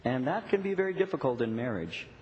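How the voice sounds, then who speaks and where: A middle-aged male pastor preaching a sermon, telling a story with lots of repeated "and"s and lively retelling. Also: mid-range voice, quick pace, highs cut off, slight background noise. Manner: storytelling, animated, with many repeated "and"s. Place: church sanctuary. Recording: long reverb of a church hall.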